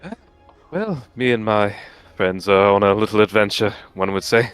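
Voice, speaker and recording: A young man playing a tabletop role-playing game, speaking his character's lines politely. His pitch moves around a lot. The recording is dry, with faint music behind him. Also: normal speed, clean tone, dry recording. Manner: lively, breaks into laughter. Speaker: player.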